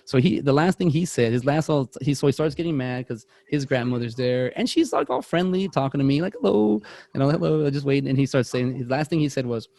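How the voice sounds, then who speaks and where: A man's voice: mid-range voice, quick pace, hardly any pauses, no room sound. Rambling man telling a restaurant story. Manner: rambling, animated, acts out quotes, self-interrupting. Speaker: podcast co-host. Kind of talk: casual storytelling chat.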